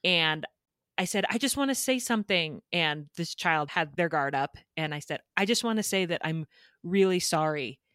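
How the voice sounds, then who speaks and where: A woman's voice: fairly low pitch, animated, moderate pace, a bit bright, no room sound, studio quality. A woman hosting a podcast, telling a parenting story with light laughs. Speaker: podcast host. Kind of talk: podcast conversation.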